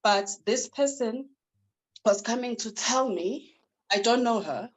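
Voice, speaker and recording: A woman's voice: on the high side, unhurried, poor audio. A woman, a panel guest on a video call, earnestly recounting a personal experience with some hesitation. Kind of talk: personal testimony.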